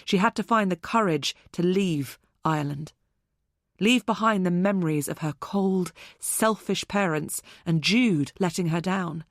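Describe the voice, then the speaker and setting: A woman narrating an audiobook thriller in a measured, even storytelling manner. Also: fairly low pitch, no echo, studio quality. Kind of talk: scripted narration.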